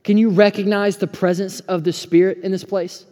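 Earnest preacher man, mellow, echoing hall. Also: sits high, flat delivery, moderate pace. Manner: earnest, swings between hushed and fired-up. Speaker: pastor. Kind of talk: sermon. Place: church sanctuary. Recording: preaching in a hall with long reverb.

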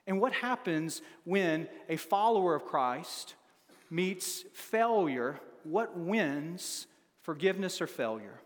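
A man's voice: a little high, expressive, slow pace. A man preaching a sermon, reading scripture with dramatic shifts in emphasis. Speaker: pastor. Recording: long hall reverb.

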